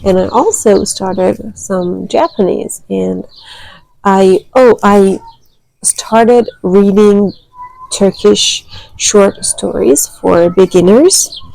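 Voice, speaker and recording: A woman's voice: medium pitch, drawn-out words, gravelly, dark tone, dry recording, poor audio. A woman who grew up speaking Turkmen, chatting casually and with many hesitant fillers about learning languages. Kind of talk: casual vlog talk.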